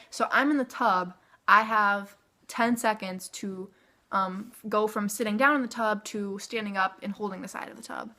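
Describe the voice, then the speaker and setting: Chatty bright-voiced young woman vlogger. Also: mid-range voice. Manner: chatty, filler-heavy "like", animated retelling. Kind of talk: casual storytelling.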